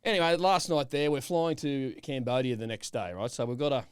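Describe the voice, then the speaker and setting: A man co-hosting a podcast, telling a rambling travel story in animated, casual chat and checking in with "right?". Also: mid-range voice, a little fast, clear, resonant tone, no room sound, clean studio sound. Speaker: podcast co-host.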